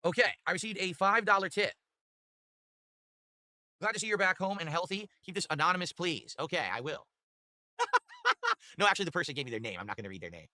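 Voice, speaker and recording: Brief: male streamer, quick and sharp-toned, profane rambling thank-yous, dry close desktop mic. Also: high voice, lively intonation, no room sound. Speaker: livestreamer. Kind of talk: casual stream chat reading donations. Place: his home streaming room. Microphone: desktop USB mic.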